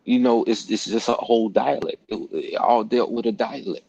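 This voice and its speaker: A man's voice: mid-range voice, fairly even intonation, normal speed, creaky, mellow, slightly rough, no room sound, muffled recording. A man hosting a casual group talk, speaking emphatically and repeating words for stress, with casual slang and profanity. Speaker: podcast host.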